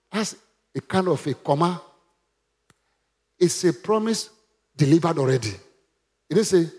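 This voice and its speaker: A man's voice: a little high, a little mellow. A man preaching a sermon, emphatic and calling on the congregation to repeat after him. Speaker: pastor.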